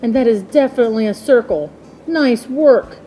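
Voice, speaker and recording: A woman voicing a calm, know-it-all young female chick who gives instructions in a matter-of-fact way. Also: fairly high pitch, normal speed, slight background noise, voice pushed up, close to an everyday voice. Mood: fussy.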